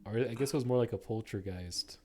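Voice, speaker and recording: Man, fairly low voice, casual podcast chat, profane, laughs as he tells rambling stories. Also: a little fast, mellow, a little hiss or hum. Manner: profane, laughs between phrases, meandering storytelling. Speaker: podcast co-host.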